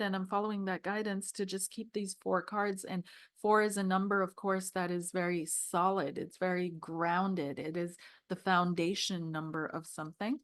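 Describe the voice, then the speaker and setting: A woman's voice: on the low side, no echo, clean studio sound. A woman reviewing a tarot deck, reading scripture passages aloud and talking with emotional, tearful awe. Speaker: tarot reader.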